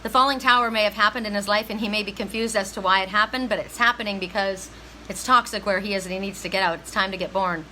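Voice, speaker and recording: A woman's voice: mid-range voice, quick pace, sharp tone, a little hiss or hum, rough recording. A middle-aged woman giving a heartfelt, emphatic spiritual reading to viewers on a live stream. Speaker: psychic reader.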